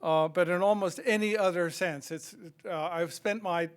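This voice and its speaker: A man's voice: sits high, fairly even intonation, moderate pace, smooth. An older American man giving a public lecture in a reflective, conversational way, with frequent fillers. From United States. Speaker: guest lecturer. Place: lecture hall.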